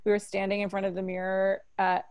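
A woman's voice: medium pitch, monotone, a little fast, muffled recording. A young woman from Florida, a guest on a casual podcast, chatting with lots of "like". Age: young adult. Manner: chatty, uses "like" a lot.

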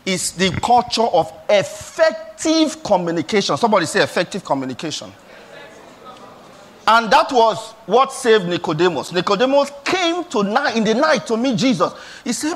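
A man with a Nigerian accent preaching a sermon as a pastor, moving between soft pleading questions and loud exhortation. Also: high voice, very animated, moderate pace, slightly rough.

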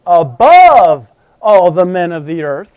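A man's voice: sits high, big pitch swings, slow pace, a little mellow, no room sound. A man preaching a sermon in a conversational way, constantly asking the congregation rhetorical questions. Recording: dull, dry lo-fi recording.

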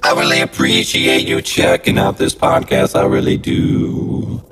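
A man's voice: a bass voice, steady tone, measured pace. A man hosting a podcast, rambling and swearing in a half-sung comic monologue through a voice changer app, recorded on a phone. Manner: profane, rambling, jokey. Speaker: podcast host. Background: loud music.

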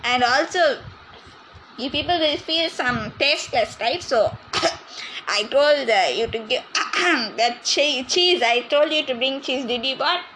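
A woman's voice: high voice, expressive, slow, bright, forceful tone, a little hiss or hum, heavily acted, rough recording. A woman playing a bossy, scolding grandmother in an amateur comedy cooking skit.

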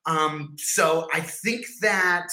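Very bright-voiced rambling man. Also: on the high side, drawn-out words, slight background noise, low-quality recording. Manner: rambling, restarts, laughs easily. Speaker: podcast co-host. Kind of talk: casual podcast chat.

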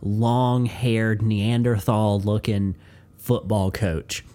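A young man co-hosting a podcast, telling crude, animated stories in casual chat. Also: lowish voice, very slow. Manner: profane, animated storytelling with mimicked voices. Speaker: podcast co-host.

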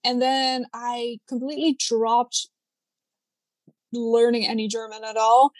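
A young Dutch woman, whose first language is Dutch, chatting casually in English with a Dutch accent. Her throat is a little sore, and she talks in an animated, chatty way full of fillers. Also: on the high side, slow, no room sound. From Netherlands. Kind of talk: casual chat.

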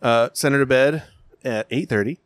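A man in his thirties chats casually and bluntly, swearing often and telling animated stories. His voice sits at an ordinary pitch. It is recorded dry, with no room sound. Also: normal speed, no room sound. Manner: blunt, profane, animated storytelling. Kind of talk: casual chat.

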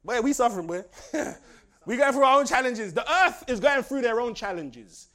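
Male pastor, high voice, very animated delivery, laughs and shouts through the sermon. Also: moderate pace. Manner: animated, laughs often, swings from shouting to soft asides. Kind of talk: lively sermon.

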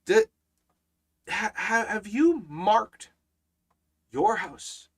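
A man with a high voice preaches through a Bible study. He hammers phrases by repeating them, swelling loud and dropping low. His delivery is earnest and emphatic. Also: sing-song, drawn-out words, creaky, breathy edge. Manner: emphatic, repeats phrases with rising and falling force. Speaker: Bible teacher.

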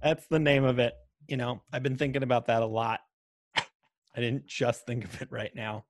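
A man's voice: mid-range voice, level tone, normal speed. A man co-hosting a podcast in casual chat, laughing often and joking about himself. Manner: chatty, laughs often, self-deprecating. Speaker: podcast co-host.

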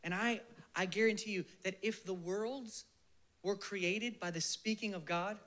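A high-pitched male preacher speaks with passion, shifting between emphatic outbursts and near-whispered hushes. He occasionally slows down to lead his listeners in quiet prayer.

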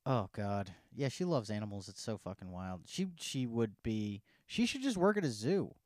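A man's voice: lowish voice, sing-song, moderate pace, a little mellow, no room sound, studio quality. A young man co-hosting a podcast in casual chat, crude and joking, with lots of swearing. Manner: crude, joking, mimics others in quotes. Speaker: podcast co-host.

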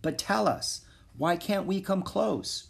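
A man's voice: high voice, lively intonation, vocal fry, pitched above the performer's own voice, heavily acted. A man voicing Annie, a cheerful, kind young girl, in a storybook reading. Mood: eager. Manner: bright, kind, quick to comfort.

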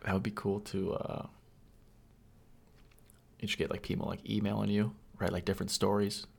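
A man's voice: fairly low pitch, little pitch movement, moderate pace, creaky, slightly rough. A man, a guest in a casual podcast chat, answering with short dry replies.

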